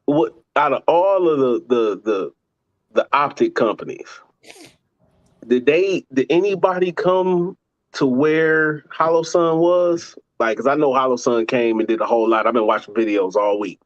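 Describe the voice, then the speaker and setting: A man's voice: medium pitch, measured pace, no room sound. A man in a casual podcast chat, chiming in with short jokes and questions. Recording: slightly dull lo-fi sound.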